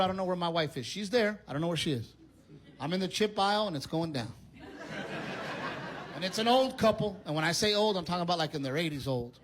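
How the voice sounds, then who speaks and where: A man telling an animated stand-up story, acting out the people in it. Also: high-pitched, a little hiss or hum. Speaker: comedian.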